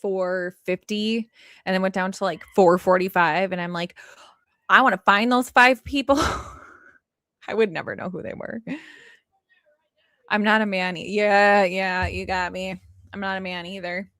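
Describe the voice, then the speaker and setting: Woman, livestream host, chatty and quick to laugh, dry close sound. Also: medium pitch, fairly even intonation, fairly bright tone, clean tone, dry recording. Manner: chatty, laughs often, reads chat aloud. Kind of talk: casual livestream chat.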